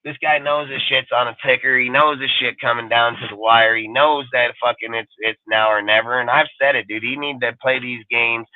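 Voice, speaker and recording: This sports panelist rants heatedly and casually, cursing constantly and hammering home the same points with emphasis. His mid-range voice is fairly even at a moderate pace with few pauses, in a dry recording of tinny phone-line audio.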